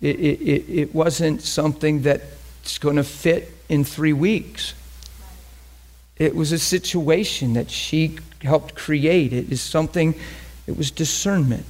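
Brief: male preacher, slightly raised pitch, emphatic, conversational teaching. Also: slow, darkish tone. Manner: emphatic, conversational, repeats phrases. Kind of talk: sermon teaching.

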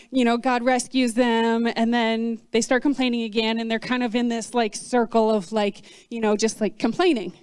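A woman pastor preaches in a loose, chatty way and slips into playful voices when she quotes complainers. Her voice sits a little high and comes through smooth and resonant. The sound is dry and close, with almost no room echo. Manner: conversational, animated, acts out voices of complainers. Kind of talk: sermon. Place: church.

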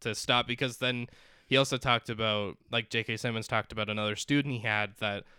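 A man chatting casually, retelling a story in an animated way, with lots of "like". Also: on the low side, fairly quick, clean tone, no echo, studio quality. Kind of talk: casual chat.

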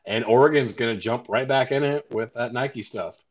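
A man's voice: mid-range voice, moderate pace, muffled recording. A man co-hosting a casual sports podcast, joking and cursing as he tells stories. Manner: joking, profane, animated storyteller. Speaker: podcast co-host.

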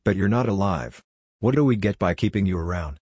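A man voicing a hostile, scornful old male senator who talks bluntly in a dry, husky voice. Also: low-pitched, expressive, brisk, darkish tone, no echo. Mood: scoffing. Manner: blunt, dismissive.

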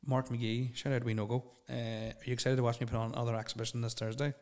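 A man's voice: mid-range voice, little pitch movement, racing, a little mellow. A young man hosting a solo podcast, rambling and swearing bluntly as he answers listener questions. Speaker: podcast host.

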